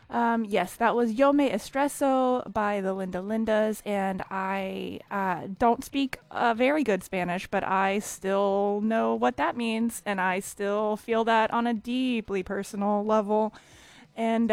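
A woman's voice: mid-range voice, dry recording. A woman hosting a community radio music show, chatting casually and enthusiastically with many ums and little laughs, on a studio microphone. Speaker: radio DJ host.

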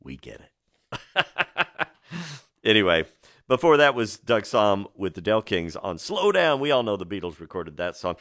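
Chatty low-voiced man radio DJ. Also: sing-song, normal speed, fairly bright tone, no room sound, studio quality. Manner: chatty, enthusiastic storyteller, many restarts. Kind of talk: radio music show patter.

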